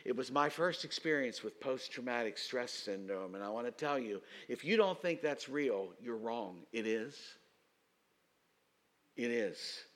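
A man preaching a sermon as pastor, telling stories and rising to loud, emphatic outbursts. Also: mid-range voice, lively intonation, measured pace.

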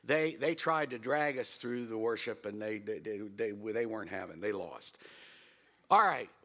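A middle-aged man preaching a storytelling sermon as pastor, animated, humming tunes and raising his voice for emphasis. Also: on the low side, normal speed.

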